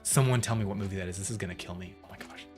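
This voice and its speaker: A man's voice: sits low, rapid-fire, darkish tone. A man in his thirties chatting casually on a livestream, rambling, laughing often and reading chat aloud. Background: faint music.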